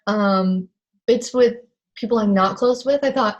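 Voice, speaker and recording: A woman's voice: on the high side, moderate pace. A young woman on a video call, chatting earnestly about a book and correcting herself as she goes. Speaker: co-host of a book discussion. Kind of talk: casual chat.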